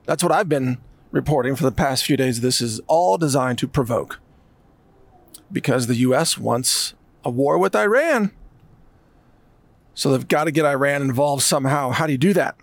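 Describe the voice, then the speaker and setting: A man's voice: medium pitch, animated, normal speed, gravelly, long pauses, no echo. A man delivering an emphatic, sarcastic commentary monologue. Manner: emphatic, sarcastic, mocks others in put-on voices. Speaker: political commentator.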